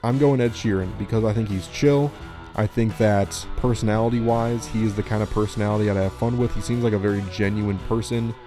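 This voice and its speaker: Chatty man, low mellow voice. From Minnesota. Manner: chatty and rambling, full of "like" fillers. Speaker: channel host. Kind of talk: casual vlog chat reading quiz questions.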